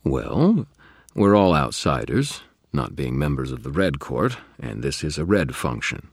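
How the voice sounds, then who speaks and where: A silky, mock-polite young vampire aristocrat, as a man puts him on for an audiobook. He purrs his courtesies, with a husky grain under the raised voice, recorded close and dry. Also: very deep voice, very animated, a little slow, dry recording, exaggerated voice. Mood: genial explaining. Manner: genteel, purring and mock-polite. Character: suave, cheerful young male vampire aristocrat. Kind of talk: audiobook character voice.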